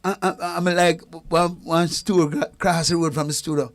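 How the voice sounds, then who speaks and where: Gravelly Jamaican man telling stories. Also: fairly high pitch, normal speed. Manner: animated storyteller in patois, acting out the people he quotes. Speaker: guest singer. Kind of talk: anecdotal storytelling chat.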